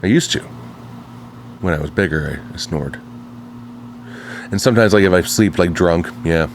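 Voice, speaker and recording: A man's voice: sits low, normal speed, a little hiss or hum. A laid-back man talking as a guest in a casual livestream chat.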